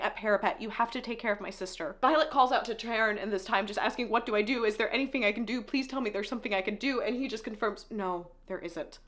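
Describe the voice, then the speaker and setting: A woman casually recapping a novel's plot, emotional and tearful as she tells it. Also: fairly high pitch. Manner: emotional, tearful retelling with laughs. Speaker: book reviewer recapping a novel.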